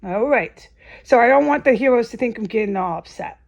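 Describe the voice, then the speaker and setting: A woman's voice: fairly high pitch, expressive, fairly quick, vocal fry, highs cut off. A woman vlogging an angry, profane rant, her voice rising sharply at times. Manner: agitated and profane, voice rising to near-shouts. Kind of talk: angry ranting monologue.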